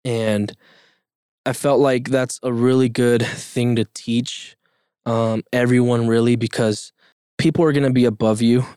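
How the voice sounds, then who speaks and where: A young man shares his story as a podcast guest, earnest and plain-spoken, breaking into laughs now and then. His voice sits at a middle pitch and sounds dry and close to the mic. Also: little pitch movement, a little slow, warm tone, clear, resonant tone, no room sound. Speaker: interview guest. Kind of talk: casual podcast conversation.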